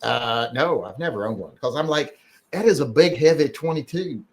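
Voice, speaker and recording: A man's voice: medium pitch, animated, moderate pace. A man hosting a casual live stream, reading emails and chat, rambling and joking with many fillers and restarts.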